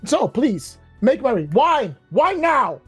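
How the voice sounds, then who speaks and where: A man voicing a big, jovial lord who welcomes guests to his feast, slow and stately. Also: medium pitch, mellow, no room sound, soft background music. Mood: boisterous.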